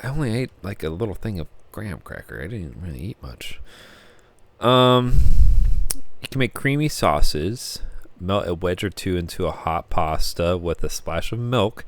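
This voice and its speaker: A man's voice: low-pitched, expressive, unhurried. A man chatting casually in a vlog, hesitant and rambling with many fillers as he reads web pages aloud. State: hiccuping. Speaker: vlogger.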